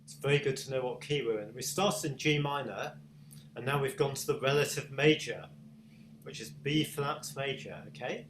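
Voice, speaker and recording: A man's voice: mid-range voice, normal speed, a bit bright, slight background noise. A man with a British accent giving an online piano masterclass, asking patient questions and encouraging his student. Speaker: piano teacher. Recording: echoey room over video call, piano.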